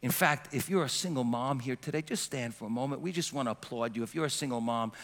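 A pastor in his fifties preaching a sermon with passion, climbing to loud repeated cries and falling to a soft voice in prayer. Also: medium pitch, fast. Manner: passionate, building to shouts and dropping to soft prayer. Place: church sanctuary. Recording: long reverb of a church hall.

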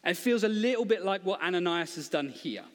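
A man's voice: sits high, lively intonation, brisk, big-room sound. A man preaching a sermon in a conversational, humorous storytelling way, acting out quotes.

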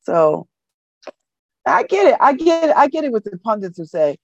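A woman radio host talking in a loose, slangy way, her pitch swinging up and down as she riffs. She repeats phrases for emphasis and laughs often. The sound is dry with no room, but a little dull and muffled. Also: very animated, normal speed, gravelly, no echo. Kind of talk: casual radio commentary monologue.

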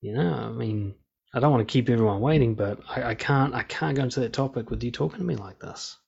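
Man, mid-pitched, laid-back and blunt, swears freely, steady calm delivery; slightly muffled recording. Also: fast talker, vocal fry, husky. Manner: frank and profane, calm and steady. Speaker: speaker on relationships and conflict. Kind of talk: casual monologue. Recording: slightly dull lo-fi sound.

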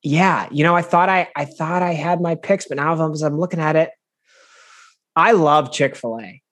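A man's voice: fairly high pitch, moderate pace, fairly bright tone. A man co-hosting a podcast in casual chat, enthusiastic and slangy, talking about his picks. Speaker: podcast co-host.

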